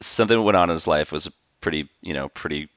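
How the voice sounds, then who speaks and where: A man's voice: rumbling low, fast talker, fairly bright tone, dry recording. A man in his forties hosting a podcast over a video call, loose and joking, swearing casually while reminiscing. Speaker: podcast host. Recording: dry, dull lo-fi call audio.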